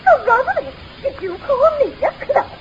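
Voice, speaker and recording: Brief: an actress as a fawning high-society matron, very high and swooping; vintage lo-fi radio with clear hiss. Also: female voice, very animated, normal speed. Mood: gushing. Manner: gushing, fluttery. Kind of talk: 1930s radio comedy acting. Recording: dull old radio recording with noise.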